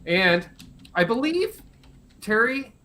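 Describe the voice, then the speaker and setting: A man hosting a live stream Q&A chat, quickly and jokingly reading out viewer names. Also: extremely high pitch, big pitch swings, bright, forceful tone, slight background noise. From Canada. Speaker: host.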